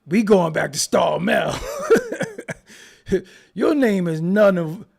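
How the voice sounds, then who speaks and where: A man's voice: high-pitched, slow, vocal fry, a little mellow, breathy edge. A man hosting his own show, doing livestream roast commentary in a mock-outraged, teasing way. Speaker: show host.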